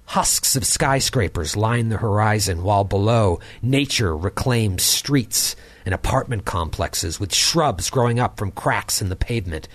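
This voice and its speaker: A man running a science fiction tabletop game as game master, narrating scenes dramatically and dropping low for the tense moments. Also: expressive, a little slow, few pauses.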